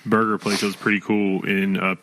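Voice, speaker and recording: Male podcast co-host, low voice, easygoing anecdotes. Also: flat delivery, brisk, a bit bright, slight background noise, rough recording. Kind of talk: casual storytelling.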